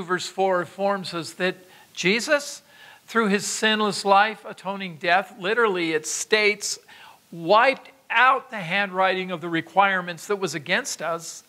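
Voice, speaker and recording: High, bright-voiced preacher man. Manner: emphatic, exhorting, with repetitions and asides to the listener. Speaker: pastor. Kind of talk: sermon.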